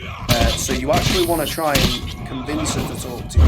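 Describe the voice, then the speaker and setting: A man's voice: mid-range voice, a little fast. A man hosting a let's play, chatting casually and reading game text aloud with dry asides. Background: loud game music.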